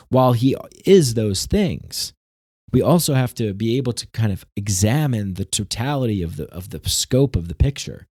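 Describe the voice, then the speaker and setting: Male podcast host, solo rant: low, warm voice, sarcastic, swears often, dry close sound. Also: no echo. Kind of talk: solo monologue.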